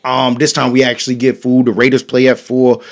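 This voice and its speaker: A man hosting a podcast, telling a profane story in a casual, animated way, swinging from loud bursts to hushed asides. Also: medium pitch, a little fast. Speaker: podcast host.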